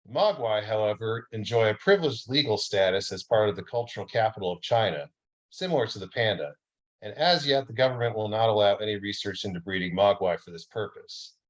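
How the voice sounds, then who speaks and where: A man reading his mock-documentary story aloud in a deadpan way. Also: lowish voice, brisk, lo-fi sound. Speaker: reader.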